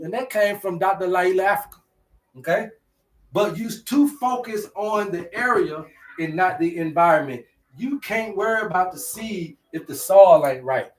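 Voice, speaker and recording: Male host, higher voice; preachy, repetitive livestream teacher addressing viewers. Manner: preachy, repetitive, slangy, talks to chat.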